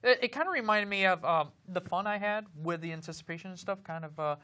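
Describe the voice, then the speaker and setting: Bright-voiced male movie reviewer. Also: sits high, fast, a little hiss or hum. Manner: chatty, joking, hesitant with fillers. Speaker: film review show co-host. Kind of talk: casual film review chat.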